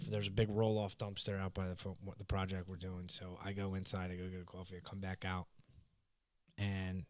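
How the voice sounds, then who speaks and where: A man hosting a podcast, telling a work story in casual chat, swearing freely and getting loud when he mimics coworkers. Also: on the low side, dry recording. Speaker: podcast host. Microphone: studio podcast mic.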